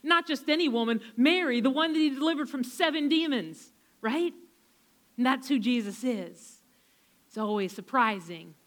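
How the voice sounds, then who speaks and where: A woman preacher retelling a story in a sermon, emphatic, repeating phrases and slowing down to stress key lines. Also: sits high.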